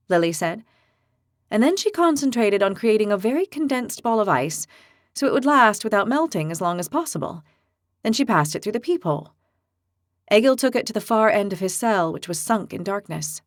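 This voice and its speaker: A woman narrating an audiobook in a steady, expressive storytelling manner. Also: mid-range voice, fairly quick, no room sound, clean studio sound. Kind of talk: scripted narration.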